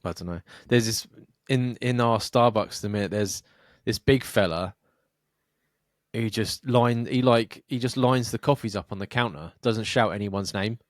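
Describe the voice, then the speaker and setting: On a podcast, this male co-host talks in a lowish voice at a normal speed, keeping the chat casual, mumbly, and full of swearing as he laughs along. The clean studio recording has no echo.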